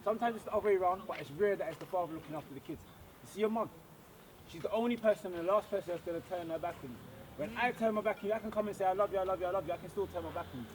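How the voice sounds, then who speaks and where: Fast-talking man rallying a crowd. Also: sits high. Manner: exhorting, checks in with constant "yeah?". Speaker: community speaker. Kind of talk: street gathering speech. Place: outdoors at a street gathering. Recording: outdoor crowd noise.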